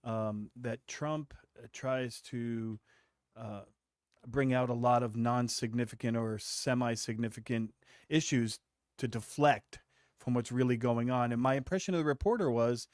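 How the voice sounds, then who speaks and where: A middle-aged man, a retired police lieutenant, co-hosting a political show in a measured, halting way. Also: mid-range voice, steady tone, a little mellow, clean tone, no room sound, clean studio sound. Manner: measured, halting, many fillers. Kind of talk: political talk show discussion.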